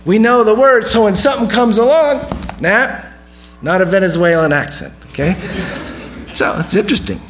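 High-voiced man preaching conversationally. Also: lively intonation, fairly quick, slight background noise, rough recording. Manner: conversational, asks the audience questions. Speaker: pastor. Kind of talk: sermon.

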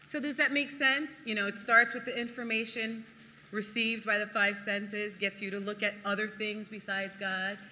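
A preacher giving a sermon and reading scripture aloud. The preacher talks in an animated way, laughs often, and acts out quotes in other voices. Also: medium pitch, moderate pace, in a large hall, a little hiss or hum.

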